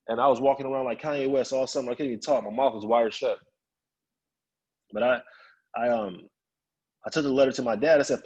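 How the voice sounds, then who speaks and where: Man from chicago, husky voice, animated personal storytelling, dull lo-fi recording. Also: medium pitch, a little fast, long pauses. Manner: animated, acts out quoted voices of family and friends. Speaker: guest speaker.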